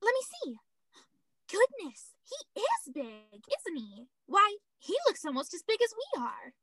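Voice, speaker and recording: A woman playing an excited young girl, eager and gushing, in a high school stage play. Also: unhurried, no echo, full character voice.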